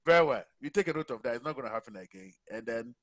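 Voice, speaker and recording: A man's voice: medium pitch, expressive, racing, crowd noise. A man talking on a call-in radio show, mixing Twi and English and repeating phrases.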